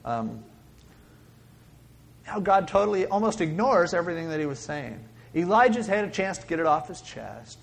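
High gravelly-voiced male preacher. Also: big pitch swings, moderate pace. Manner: dramatic, swings between loud exclaiming and hushed whispering. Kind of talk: sermon.

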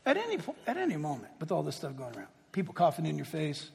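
A man preaching a sermon in an animated way, firing rhetorical questions at the congregation in a church. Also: on the high side, fast talker, vocal fry. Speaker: pastor. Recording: long reverb of a large hall.

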